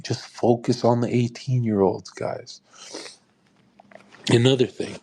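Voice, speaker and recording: A man's voice: mid-range voice, steady tone, a little slow, vocal fry, pauses often, darkish tone. A young man in his twenties hosting a live audio room, talking in a crude, combative and boastful way. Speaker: livestream host.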